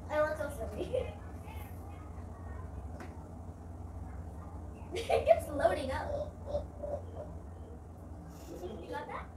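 A woman with a high, lively voice chats casually on a mukbang vlog, giggling often. She sits back from the microphone in an echoey room. A clear background hiss sits under her voice. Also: slow pace, pauses often. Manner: giggly, relaxed. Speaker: co-host of a sisters' channel. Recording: roomy, distant, noisy home recording.

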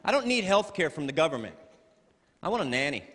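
A man doing stand-up comedy on a stage with a handheld mic, telling a story in an animated, punchy way. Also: on the high side, a little fast. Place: stage in a large hall. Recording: reverberant hall with live audience. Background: audience noise.

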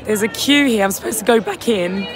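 A hoarse, tired woman hosting a casual live-stream chat outdoors outside a venue, reading out viewer comments into a phone held at arm's length. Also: medium pitch, brisk, music in the background. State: hoarse, lost voice. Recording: crowd noise on a busy street.

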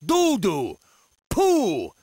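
A man voicing a crusty, sleazy male bacteria germ in a 1990s edutainment game, drawling slowly. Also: sits high, huge pitch swings, darkish tone, no room sound, clean studio sound, full character voice. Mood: explaining. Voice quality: crusty, gravelly voice. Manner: slow drawling sleazy delivery.

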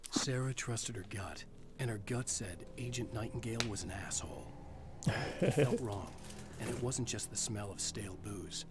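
An actor voicing a brooding writer who reads out his manuscript in a measured, half-whispered style. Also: fairly low pitch, noisy background, natural voice. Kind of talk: scripted narration.

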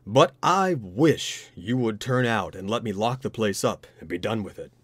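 Man reading as a petulant ship's captain, impatient, lively up-and-down delivery, dry close recording. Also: fairly low pitch, normal speed, husky, no echo.

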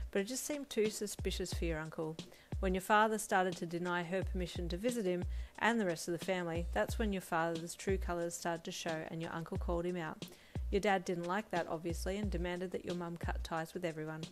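A woman narrating a second-person fan story in a calm, even storytelling manner. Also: lowish voice, a little fast. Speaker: fanfiction reader. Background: faint lo-fi drum music.

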